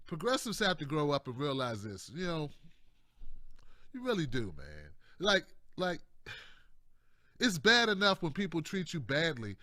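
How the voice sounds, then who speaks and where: Bright, high-voiced man ranting casually. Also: big pitch swings, measured pace, pauses often, no room sound, clean studio sound. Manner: slangy, repetitive, chatty with frequent laughs. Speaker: political commentary host. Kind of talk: casual political commentary.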